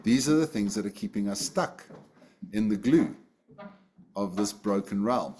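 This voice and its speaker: Over a video call, a man teaches an online Buddhist class in a relaxed, conversational way, using fillers and restarting sentences. His voice is lowish and unhurried, with a little hiss or hum on the audio.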